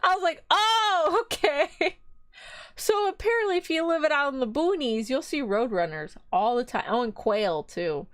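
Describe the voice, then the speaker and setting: A woman's voice: high voice, animated, a little fast, few pauses, no room sound, clean studio sound. A young woman, chatting and giggling casually on a live stream. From Texas. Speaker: VTuber streamer.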